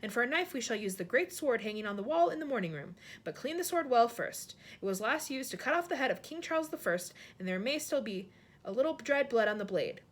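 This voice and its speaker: Storybook butler, stiff fussy man, prim hushed orders, breathy tone read by a woman. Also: on the high side, animated, brisk. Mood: commanding.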